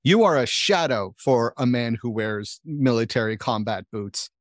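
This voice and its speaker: A man's voice: medium pitch, expressive, measured pace, dry recording. Casual male game master, dry mic. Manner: casual, swears freely. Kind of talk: narrating a tabletop game.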